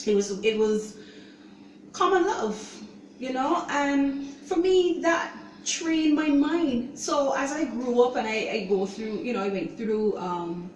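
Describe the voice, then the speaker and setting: A woman hosting her own show, giving an earnest, halting personal testimony and often saying "you know". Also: medium pitch, a little hiss or hum. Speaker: show host sharing her own story. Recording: roomy echo, voice distant from mic.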